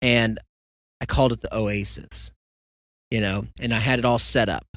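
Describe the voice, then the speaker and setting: A man's voice: lowish voice, steady tone, normal speed, fairly bright tone, dry recording. A young man hosting a show, telling a rambling, joking story in casual solo talk. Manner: rambling storyteller, joking asides and mock quotes. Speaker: podcast host.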